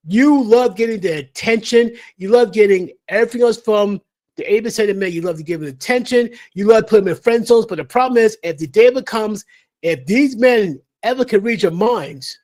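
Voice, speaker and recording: Livestream host, male, higher voice, emphatic lecturing rant. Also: normal speed, a little mellow.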